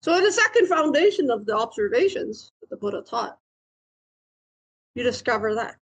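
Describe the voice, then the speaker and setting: A woman's voice: on the high side, sing-song, moderate pace, slightly rough, muffled recording. A woman giving a dharma talk, playful, laughing often and asking questions of her listeners. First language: Vietnamese. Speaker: meditation teacher and therapist.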